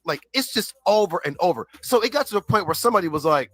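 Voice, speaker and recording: A man's voice: high voice, animated, quick pace, a bit bright, no echo, rough recording. A man chatting casually on a livestream, rambling in slang and packing his talk with filler words. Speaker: livestream regular reading chat.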